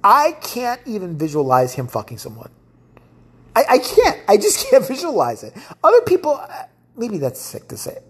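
Woman, podcast host, husky, low-pitched, swooping and animated, crude blunt rant. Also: moderate pace. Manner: profane, blunt, ranting with frequent restarts. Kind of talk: casual solo podcast rant.

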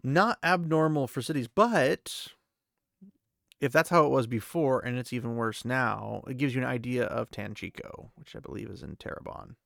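Gravelly rambling podcast host. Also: male voice, medium pitch, moderate pace, fairly bright tone, no room sound, clean studio sound. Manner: rambling, thinks aloud, many fillers and restarts. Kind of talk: casual book recap with read-aloud passages.

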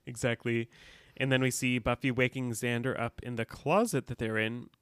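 A man's voice: mid-range voice, level tone, moderate pace, a bit bright, clean tone, dry recording, clean studio sound. A man co-hosting a podcast, casually recapping an episode, laughing often and quoting characters. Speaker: podcast co-host.

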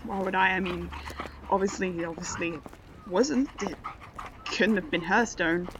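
A woman playing a haunted, grieving college student who speaks softly and grows jumpy. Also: lowish voice, measured pace, noisy background, lightly acted. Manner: shaken, soft-spoken, snapping when frightened.

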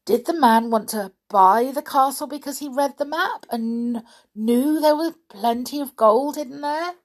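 Breathy woman reading a storybook. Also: sits high, unhurried. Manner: expressive, lively narration. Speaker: narrator.

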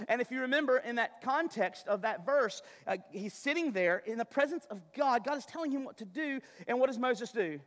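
A high-voiced pastor preaches with emphatic, conversational energy and frequent asides. His voice rings out with the long reverb of a big hall. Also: lively intonation, moderate pace, a bit bright. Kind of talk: sermon.

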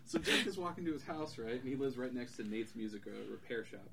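A podcast host excitedly walks through a comic book, acting out scenes as he goes. His pitch leaps around a lot, and the delivery has the loose rhythm of casual chat. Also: fast talker, creaky, hardly any pauses, very noisy. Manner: animated, acts out scenes.

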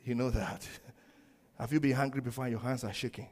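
A man preaching a sermon, animated, laughing often and acting out the quoted lines. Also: mid-range voice, fairly quick. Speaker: pastor.

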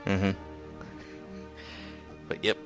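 A man's voice: extremely slow, soft background music. A man in a casual chat who jokes, laughs often and tells stories.

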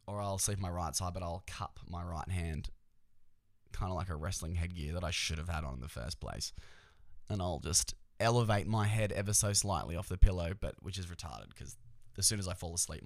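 Australian man, lowish voice, casual podcast host, rambling, profane, jokey asides. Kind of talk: casual solo podcast chat.

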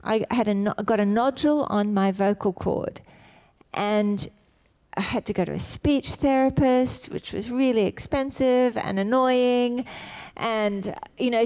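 Middle-aged woman preacher, fervent, fairly high voice. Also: darkish tone. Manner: fervent, exclaims hallelujah often. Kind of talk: sermon.

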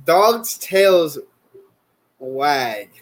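Guy on a word quiz, jokey, talks out his guesses, voice sits a bit high. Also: very animated, extremely slow. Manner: joking, talks through his reasoning. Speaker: quiz contestant. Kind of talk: casual quiz banter.

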